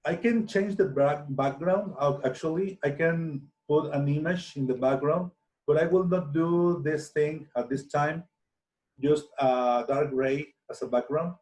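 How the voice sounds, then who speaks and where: Slow, hesitant man teaching. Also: fairly high pitch, darkish tone. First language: Spanish. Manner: slow, hesitant, many restarts and fillers. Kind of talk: software tutorial screencast.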